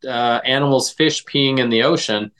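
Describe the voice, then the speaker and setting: A man's voice: mid-range voice, moderate pace, a bit bright. A man from Canada, a vet guest, chatting in an easygoing, jokey storytelling way. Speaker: veterinarian guest. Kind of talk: casual interview chat.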